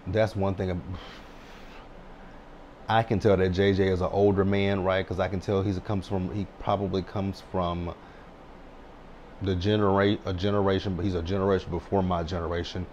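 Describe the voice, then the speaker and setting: A man's voice: low voice, level tone, moderate pace, darkish tone, lo-fi sound, slight background noise. A man in his thirties giving a blunt, sassy, chatty recap of a reality show. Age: 30s. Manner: sassy, blunt, chatty with frequent "child" and "right?". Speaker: TV recap host.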